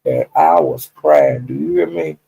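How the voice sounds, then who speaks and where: A man's voice: a bass voice, unhurried, gravelly, slightly rough, rough recording. A man retelling a story in a casual, profane gossip style, often stopping to check in with his listeners. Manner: profane, animated, talks directly to listeners. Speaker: storyteller recapping a livestream.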